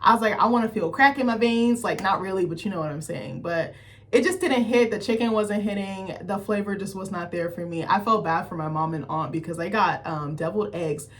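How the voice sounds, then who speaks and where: A young adult woman telling a rambling, animated story straight to her camera, full of "like" and quoted asides. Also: lowish voice, a little fast. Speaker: vlogger. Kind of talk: casual chat to camera.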